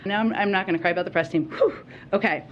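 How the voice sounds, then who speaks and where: A woman press secretary giving an emotional farewell at a briefing, halting with many fillers. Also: medium pitch, lo-fi sound, a little hiss or hum. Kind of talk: formal farewell speech at a briefing.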